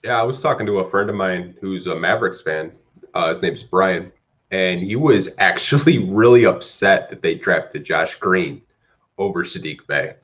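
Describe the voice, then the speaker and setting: Casting: easygoing male co-host, lowish voice, muffled lo-fi sound. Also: lively intonation, moderate pace, fairly bright tone. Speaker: podcast co-host. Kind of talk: casual sports talk.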